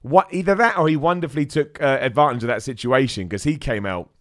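Young man, casual live podcast host, chatty and upbeat, mid pitch, dry close mic. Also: fast, dry recording. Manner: chatty, animated, reads out viewer messages. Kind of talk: live-streamed wrestling podcast chat.

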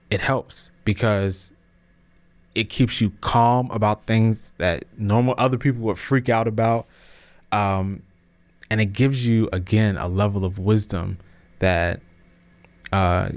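Podcast host, man, 30s, low-pitched, casual slangy motivational talk that swells into emphatic, preachy peaks. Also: fairly even intonation, a little slow, pauses often, darkish tone. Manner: casual slang, many restarts.

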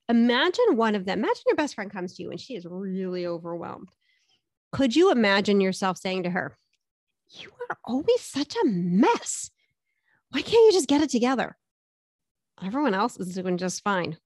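A woman's voice: medium pitch, no room sound, clean studio sound. Upbeat direct woman coach. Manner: direct and upbeat, asks the listener rhetorical questions. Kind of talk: motivational coaching talk.

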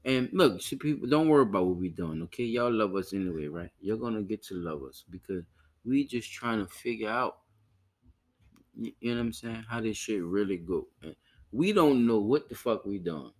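A man's voice: on the low side, lively intonation, normal speed, darkish tone. A man hosting a podcast in loose, profane casual chat, often repeating himself to listeners. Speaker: podcast host.

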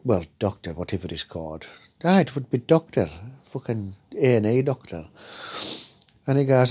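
A man's voice: mid-range voice, expressive, normal speed, darkish tone, husky. A man telling a crude, rambling comic story, ending his lines with "eh?". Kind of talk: comic monologue.

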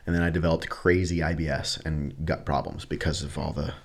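A man's voice: rumbling low, flat delivery, brisk. A man in his thirties, a podcast guest telling a personal story candidly, acting out quotes and swearing casually.

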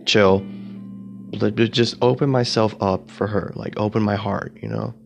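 A man's voice: fairly low pitch, steady tone, normal speed, gravelly, darkish tone, faint music behind. A young man telling a personal story in a rambling, casual way, full of "like" and "dude" and the odd swear word. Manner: rambling, filler-heavy, swearing, says "dude" and "like".

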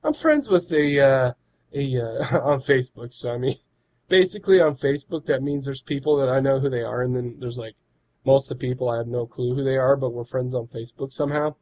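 A man's voice: mid-range voice, a little fast, a little mellow, low-quality recording. A man co-hosting a podcast, telling stories in a rambling, casual way and laughing often. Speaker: podcast co-host. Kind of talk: casual chat.

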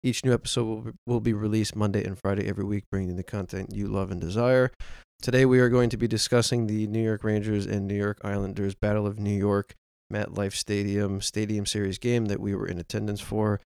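A man's voice: fairly low pitch, little pitch movement, brisk, gravelly, a little mellow, clean tone, no echo, clean studio sound. A man hosting a podcast, giving an upbeat, announcer-style introduction. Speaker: podcast host.

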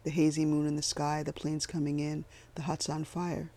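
Gravelly, even-toned male narrator. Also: on the high side, moderate pace. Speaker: audiobook narrator. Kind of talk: scripted narration.

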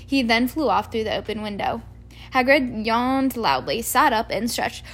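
Woman reader, higher voice, steady storybook narration. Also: moderate pace, slight background noise. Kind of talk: amateur audiobook reading.

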